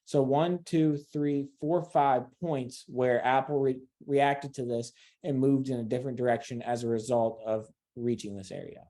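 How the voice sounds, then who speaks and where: A man walks viewers through a trading lesson over a screen share. His voice sits at a medium pitch, and he talks in a loose, conversational way, repeating himself as he goes. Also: fairly even intonation, normal speed, few pauses, mellow. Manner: conversational and repetitive, addresses viewers directly. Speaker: trading instructor.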